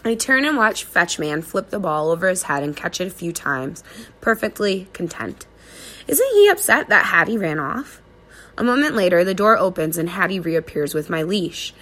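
A woman narrating a children's storybook aloud in an expressive, animated way. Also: fairly low pitch, moderate pace.

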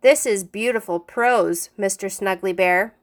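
A woman's voice: medium pitch, animated, normal speed, fairly bright tone, close to an everyday voice. Smug male teacher, mocking, theatrical, teasing, woman reading.

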